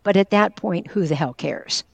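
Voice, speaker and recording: A woman's voice: lowish voice, normal speed, vocal fry, no room sound. An older woman from northwestern Pennsylvania, a caregiver and former teacher, tells a personal story as an interview guest and speaks with earnest candor. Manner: earnest, candid, tells a personal story and quotes others directly.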